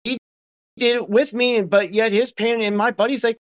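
A man's voice: very high voice, steady tone, fairly quick, a bit bright. A man chatting casually as a podcast co-host, telling stories in a rambling, slangy way full of filler words. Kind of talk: casual conversational chat.

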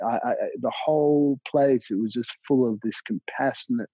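Guy swearing and stumbling over his words as he tells his story, warm low tone, muffled recording. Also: moderate pace, husky, no echo. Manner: animated, repeats words, swears freely. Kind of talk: casual storytelling. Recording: dull, muffled, dry sound.

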